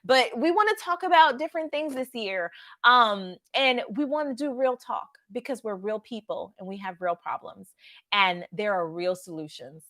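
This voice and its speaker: Bright, chatty woman vlogger. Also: on the high side, moderate pace. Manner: chatty, laughing, talks to viewers. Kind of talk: casual chat.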